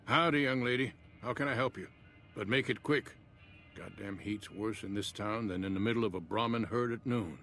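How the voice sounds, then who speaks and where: A low-voiced, bitter frontier rancher, drawling and scornful. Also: male voice, normal speed, fairly bright tone, soft background music. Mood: gruff. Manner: folksy drawl, grumbling and blunt. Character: gruff old male rancher, bitter and vengeful. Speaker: game character.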